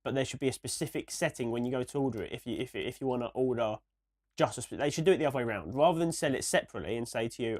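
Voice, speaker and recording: A young man co-hosting a casual podcast, ranting and rambling with many restarts, a little hoarse from a recent cold. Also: medium pitch, rapid-fire. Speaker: podcast co-host.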